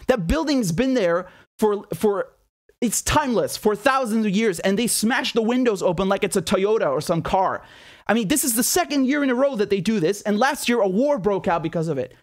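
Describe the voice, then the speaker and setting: A man's voice: high-pitched, expressive, moderate pace. A man giving an angry political monologue, indignant and heated, firing rhetorical questions and repeating himself. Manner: swears and repeats words when worked up. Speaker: political commentator.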